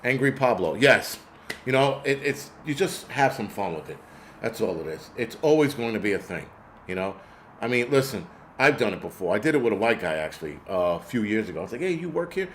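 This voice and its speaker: This American livestream host has a lowish, animated voice and talks fairly quickly as he rambles through profane stories and answers chat comments in a casual stream. There's a little hiss or hum in the audio.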